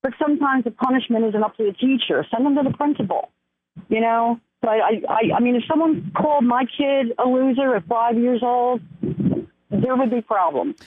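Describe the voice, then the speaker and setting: A woman's voice: a little high, normal speed, husky, no room sound. A middle-aged woman calling into a radio show and giving a blunt, opinionated view. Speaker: caller. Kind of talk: casual phone-in talk. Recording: tinny phone line.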